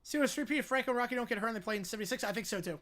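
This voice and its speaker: Big plays make this livestream host louder as he rattles off basketball play-by-play at a fast clip and answers chat. His voice is mid-range.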